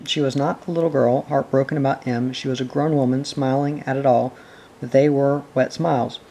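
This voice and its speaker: Calm man reading a storybook aloud. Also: medium pitch, normal speed, gravelly, poor audio. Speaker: reader. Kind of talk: audiobook narration.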